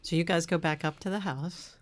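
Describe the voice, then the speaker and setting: A woman editor hosting a podcast in a brisk, conversational way. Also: fairly low pitch, fairly even intonation.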